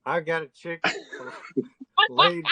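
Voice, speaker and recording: A man's voice: fairly high pitch, huge pitch swings, measured pace, gravelly, a loud crowd. A man joking around and rambling on a live stream, laughing at his own lines. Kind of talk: casual joking chat.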